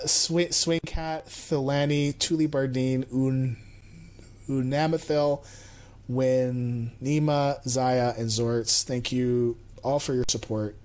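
A man's voice: a little high, darkish tone. Rambling self-deprecating male podcast host. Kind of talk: casual chat.

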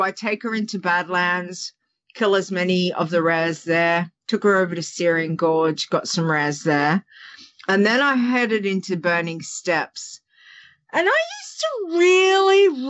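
A woman's voice: medium pitch, fairly bright tone. Chatty woman on lo-fi audio. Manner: rambling, chatty, with many restarts and asides. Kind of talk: casual gaming podcast chat. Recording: dull lo-fi audio.

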